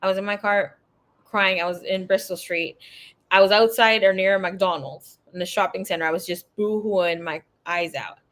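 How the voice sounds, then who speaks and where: A woman's voice: mid-range voice, normal speed, a bit bright. A woman in her thirties, a psychic tarot reader, chatting casually and telling a story with laughs, swearing and acted-out quotes.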